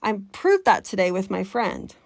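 A woman life coach, talking to her listeners in a chatty, animated way and slipping into the voice of her inner critic. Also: mid-range voice, moderate pace, gravelly, no echo, studio quality. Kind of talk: coaching podcast talk.

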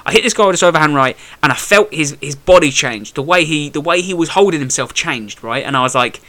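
A man's voice: on the high side, fast talker. A young man telling a boxing story in casual chat, acting out quotes and swearing freely. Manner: animated storyteller, acts out quotes, swears a lot. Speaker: boxer telling a fight story.

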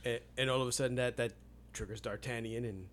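A man's voice: medium pitch, fairly even intonation, fast talker, a bit bright. A man co-hosting a book podcast, casually retelling scenes and acting out characters' lines. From New York. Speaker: podcast co-host.

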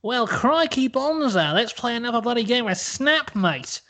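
In a boisterous full character voice pitched far above his own, a man plays a brash, crude male Australian politician with a put-on Australian accent. The delivery is very high, bright and forceful, with lively intonation at a moderate pace.

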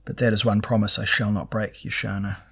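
Man reading a cool, flat-toned sorcerer lord, low and unmoved. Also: fairly quick, husky. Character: cold, emotionless albino sorcerer lord.

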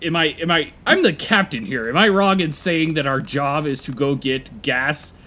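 A man's voice: fairly high pitch, normal speed, sharp tone. A man improvising a comedy scene as a pirate captain, with a put-on pirate accent. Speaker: podcast co-host.

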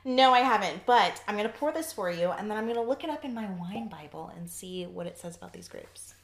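A woman's voice: mid-range voice, animated, brisk, a little hiss or hum. A woman talks casually through a wine tasting, stumbling over grape names and laughing at herself. Her voice carries a roomy echo. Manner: chatty, self-deprecating, stumbles over wine terms. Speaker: wine taster.

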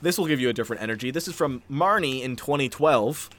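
Lively man reading reviews with flair. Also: mid-range voice, quick pace. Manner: dramatic, playful review reading. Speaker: podcast co-host. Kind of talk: casual chat reading reviews aloud.

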